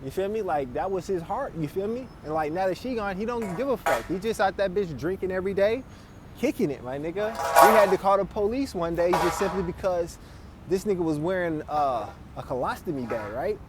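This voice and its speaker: A man's voice: sits high, expressive, brisk, background noise. A man telling stories in casual, profane chat, laughing often. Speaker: podcast host.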